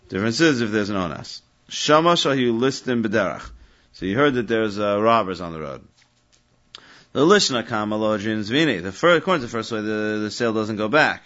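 Animated man thinking aloud over Talmud. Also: on the low side, brisk. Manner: animated, questioning, thinks aloud with many restarts. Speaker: Talmud study teacher. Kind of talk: Talmud study discussion. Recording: slightly dull lo-fi recording.

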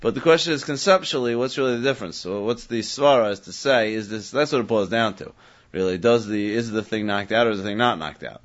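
A man's voice: on the low side, quick pace. A man leading a Talmud discussion, questioning and thinking aloud, often restarting his sentences. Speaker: Talmud study teacher. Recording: slightly dull lo-fi recording.

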